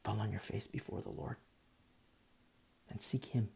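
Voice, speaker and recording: A man's voice: on the low side, steady tone, measured pace, creaky, a little mellow. A man preaching a sermon in an impassioned way, repeating himself, restarting phrases and making asides to the congregation.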